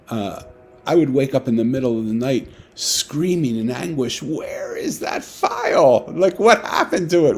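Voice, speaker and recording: Animated male author telling a story. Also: on the low side, slight background noise. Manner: animated storyteller, acting out dialogue. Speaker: author guest. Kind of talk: storytelling talk.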